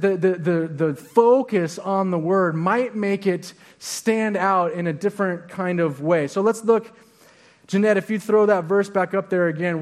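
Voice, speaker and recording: A male pastor giving a sermon in a conversational way, leaning hard on stressed words. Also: sits high. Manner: conversational preaching with emphatic stresses.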